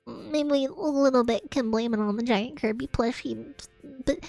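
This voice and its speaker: High-voiced Australian woman ranting. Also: lively intonation, normal speed, darkish tone, no echo, faint music behind. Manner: laughs often, swears, emotional and breathless retelling. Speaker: VTuber streamer. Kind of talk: casual storytelling rant to chat.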